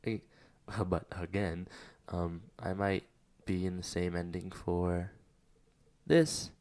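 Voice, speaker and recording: A man's voice: low-pitched, takes it slowly, darkish tone. A man hosting a personal podcast, talking candidly and emotionally about his struggles, rambling with many fillers and near tears. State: close to tears. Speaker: podcast host. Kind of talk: personal reflective monologue.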